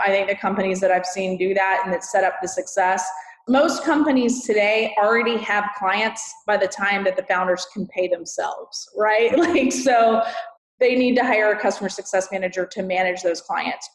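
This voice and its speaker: A woman with a Texas accent speaks as a podcast guest in an earnest, emphatic way, often laying her points out as lists. Her voice sits at a middle pitch. It is recorded in a roomy space with noticeable echo. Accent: Texan. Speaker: guest, customer success consultant. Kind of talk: podcast interview.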